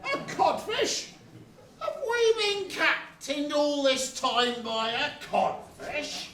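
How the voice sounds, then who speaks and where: Pompous pirate captain Hook. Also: female voice, high-pitched, animated, takes it slowly, a little hiss or hum, exaggerated voice. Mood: puzzled. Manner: theatrical, shouting orders, scheming. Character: blustering pompous pirate captain, villainous man. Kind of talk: amateur stage pantomime. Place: village hall stage. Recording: echoey hall, far from mic.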